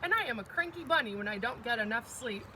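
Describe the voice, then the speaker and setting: A woman's voice: fairly high pitch, animated, fast, bright, forceful tone, a little hiss or hum, poor audio. A woman voicing a small, cranky rabbit who grumbles and complains in a read-aloud storybook. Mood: grumbling. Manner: grumbling, sulky.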